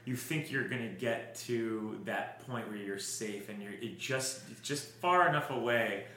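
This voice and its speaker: Man with a bright, forceful voice. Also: lowish voice, measured pace. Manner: reflective, thinks aloud with restarts. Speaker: podcast co-host. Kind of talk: casual chat. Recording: roomy echo.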